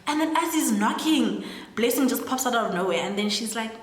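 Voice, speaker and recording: A woman's voice: on the high side, expressive, brisk. Chatty young woman, echoey room. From South Africa. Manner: chatty, lots of "like" fillers, acts out quoted lines. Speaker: storytelling creator. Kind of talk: casual plot recap. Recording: echoey room with long reverb.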